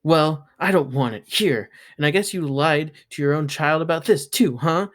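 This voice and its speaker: Squeaky stubborn little girl voice, done by a guy reading aloud, goes way up high. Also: normal speed, natural voice. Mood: defiant. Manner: squealing, shrill and insistent. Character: excitable stubborn ten-year-old girl.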